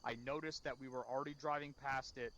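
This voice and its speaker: Blunt, bright-voiced man leading a debrief. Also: mid-range voice, steady tone, quick pace, dull audio, slight background noise. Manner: blunt, profane, scolding. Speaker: unit leader. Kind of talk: after-action debrief.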